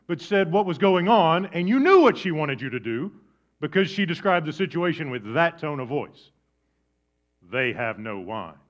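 A man delivers a sermon in a slightly high voice, pulling down to a near-whisper on heavy points and then rising to loud emphasis. The sound is dull and lo-fi. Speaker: pastor.

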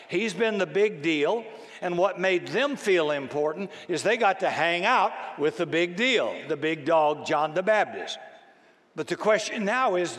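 An older man and grandfather preaching a conversational, self-deprecating sermon who acts out the voices in his stories. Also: on the high side. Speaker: pastor. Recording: long hall reverb.

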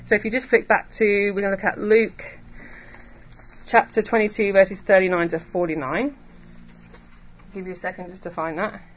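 A woman preacher giving a sermon to a church congregation, earnest and emphatic, slowing down on key phrases. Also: medium pitch, steady tone, lo-fi sound, slight background noise. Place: church hall.

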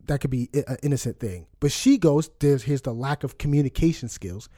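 A man's voice: mid-range voice, fairly quick, husky. A young man casually telling a story, acting out what people said. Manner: animated storytelling with quoted dialogue. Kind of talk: casual chat.

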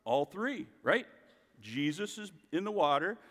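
A man's voice: high-pitched, big pitch swings, a little slow, a bit bright, long reverb tail. A man preaching a sermon as a pastor, emphatic, asking his listeners rhetorical questions.

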